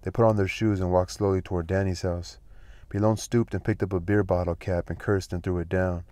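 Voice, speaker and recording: A man reading a novel aloud at a steady, unhurried pace, with occasional slips and restarts. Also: deep voice, dry recording. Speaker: audiobook reader.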